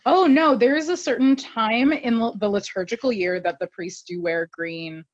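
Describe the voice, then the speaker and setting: Her pitch a little high and her pace moderate, this podcast co-host laughs her way through a lively, casual TV episode recap, acting out the quotes. The audio is dull, though free of echo.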